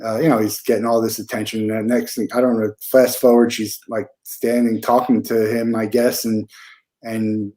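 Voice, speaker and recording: A man hosting a casual interview over a video call, chatting in a relaxed way and repeating his questions. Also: fairly low pitch, moderate pace. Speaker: host.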